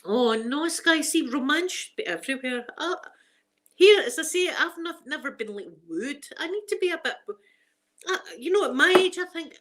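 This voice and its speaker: A woman's voice: high voice, animated, normal speed, fairly bright tone. A Scottish woman in her forties, chatting casually for an ASMR video, self-mocking and laughing often. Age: 40s. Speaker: ASMR creator.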